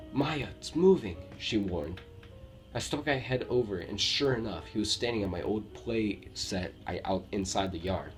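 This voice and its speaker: Man with a Romanian accent, very low voice, reading horror stories, faint music underneath. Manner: steady storytelling reading with occasional slips. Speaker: horror story narrator. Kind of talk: reading true scary stories aloud. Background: faint background music.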